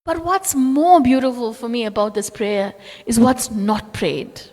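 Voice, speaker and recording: A woman's voice: fairly high pitch, measured pace, a little mellow, in a large hall. A woman teaching a devotional class, talking through stories conversationally and acting out the quotes. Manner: storytelling with acted quotes, conversational asides. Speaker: spiritual teacher.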